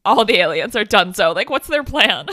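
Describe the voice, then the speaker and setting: Bright, giggly young woman. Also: mid-range voice, very animated, brisk, no echo, clean studio sound. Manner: enthusiastic, giggly, swears freely. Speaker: podcast co-host. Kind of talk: casual movie chat.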